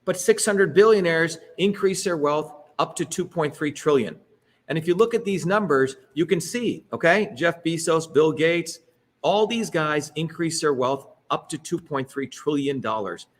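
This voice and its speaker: A middle-aged man with a somewhat high voice holds forth in an emphatic public talk. He drives each point home rhetorically and keeps tagging lines with "okay?" and "right?". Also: animated, moderate pace. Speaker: speaker leading a political talk. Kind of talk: animated public talk with slides.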